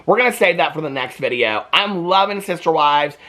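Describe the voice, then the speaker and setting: A man's voice: a little high, animated, brisk, sharp tone. A man chatting casually about a TV show he is watching, swearing freely and laughing often. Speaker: reaction channel host. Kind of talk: casual TV reaction commentary.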